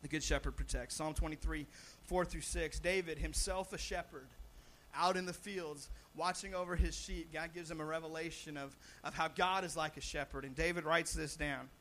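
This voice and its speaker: A young man preaching a sermon as pastor, animated, with frequent restarts and repeated words, swelling loud on his points. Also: on the high side, normal speed, slight background noise.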